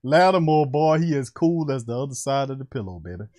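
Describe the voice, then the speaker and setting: Animated New sports show host. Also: male voice, medium pitch, a little fast. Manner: animated, conversational, addresses fans as family. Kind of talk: casual sports talk.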